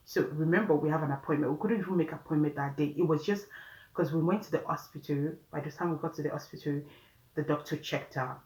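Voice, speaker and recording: A woman's voice: sits low, steady tone, fast, darkish tone. A woman with a Nigerian accent tells a story casually, chatty and often laughing as she talks straight to her viewers. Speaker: vlogger. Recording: roomy room echo.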